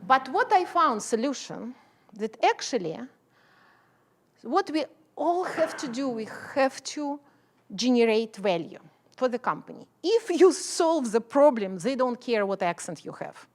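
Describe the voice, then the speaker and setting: A woman's voice: a little high, sing-song, measured pace. A middle-aged woman, a professor giving a keynote speech, talking passionately in English with an accent and non-native phrasing.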